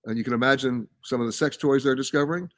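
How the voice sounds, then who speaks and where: A man's voice: mid-range voice, fast talker, fairly bright tone. A man hosting a live travel show, reading out viewer comments and answering them in a casual, emphatic way. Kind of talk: casual live-stream chat. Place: live from a science center.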